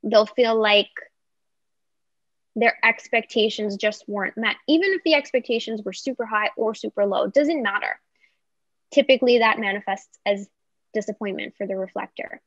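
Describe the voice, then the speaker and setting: A woman speaking as a podcast guest, explaining in an animated way and acting out example voices. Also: medium pitch, moderate pace, no echo. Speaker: guest coach. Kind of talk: podcast interview. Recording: slightly muffled, dry sound.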